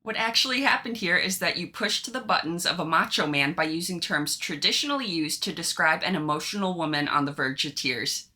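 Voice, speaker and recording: A woman co-hosting a casual podcast, reading online posts aloud and chatting with an animated, giggly manner. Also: on the low side, fairly quick, few pauses. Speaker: podcast co-host reading stories.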